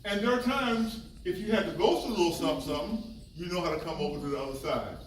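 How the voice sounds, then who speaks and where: A man's voice: high voice, fast talker. Older man laughing through stories, echoey hall. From Virginia. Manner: animated, laughing, swings between loud and hushed. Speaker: panel guest. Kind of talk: storytelling on a convention panel. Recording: echoey hall from far off, noisy.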